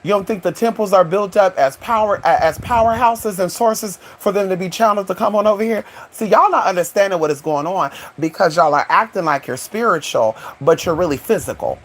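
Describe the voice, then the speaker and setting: A man's voice: sits high, brisk, few pauses, a bit bright. A sassy, flamboyant man hosts a casual live stream with a slightly raised voice. He rambles to his unseen viewers and keeps calling them honey and girl. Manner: rambling, talks back to an unseen audience. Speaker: channel host.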